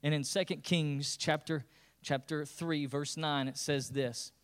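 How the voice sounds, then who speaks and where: A man's voice: a little high, fairly even intonation, moderate pace. A man preaching a sermon as the pastor, retelling scripture in a casual, humorous way with playful character voices.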